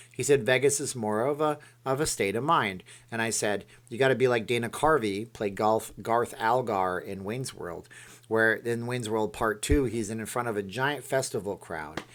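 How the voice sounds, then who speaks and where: A man's voice: medium pitch, a bit bright. A man hosting a casual live stream, rambling as he reads viewer comments aloud and answers them.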